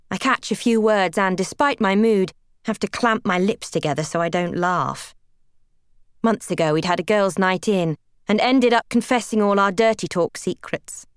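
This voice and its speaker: A young woman reading a first-person novel aloud, wry, lively and expressive. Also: mid-range voice, smooth, no echo, studio quality. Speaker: audiobook narrator.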